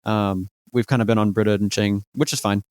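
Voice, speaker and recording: Quick chatty male co-host. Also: on the low side, steady tone, a little mellow, clear, resonant tone, no room sound. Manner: chatty, repeats words when starting. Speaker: podcast co-host. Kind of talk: casual chat about a TV episode.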